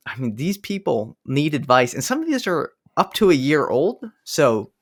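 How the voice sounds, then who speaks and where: A man's voice: a little high, very animated, moderate pace. Laid-back young man, casual chat. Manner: laid-back, heavy on "dude" and "like". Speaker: podcast co-host.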